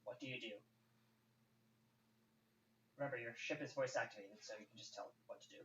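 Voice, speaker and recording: A man's voice: mid-range voice, steady tone, fairly quick, fairly bright tone, distant mic. Casual, rambling man running a tabletop game. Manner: casual, rambling, many fillers. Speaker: game master. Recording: roomy, dull, faint hiss.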